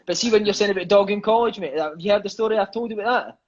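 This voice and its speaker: Rapid-fire and high-voiced, the speaker is a Scottish ex-footballer in his thirties swapping tales in an easygoing chat. He's animated, curses without hesitation, and leans constantly on "mate" and "eh." The audio sounds dull.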